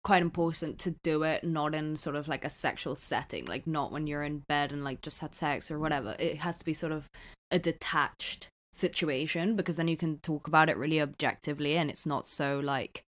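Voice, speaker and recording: A woman's voice: low-pitched, a little fast. A woman co-hosting a podcast, chatting casually and loosely, with lots of "like" and "sort of". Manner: relaxed, filler-heavy, says "like" and "sort of" often. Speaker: podcast co-host. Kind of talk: casual chat.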